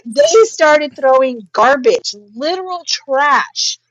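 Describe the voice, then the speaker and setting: A woman co-hosting a pop culture podcast, telling a story in an animated, profane way. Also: high-pitched, slow pace, dull audio. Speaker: podcast co-host. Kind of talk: casual pop culture chat.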